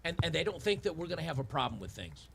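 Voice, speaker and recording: A man's voice: a little high, very animated, fast talker, gravelly, a bit bright, a little hiss or hum. A man, ranting in a frustrated, sarcastic way over a game and often restarting his sentences. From Tennessee. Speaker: gaming channel host. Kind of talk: ranting commentary over gameplay.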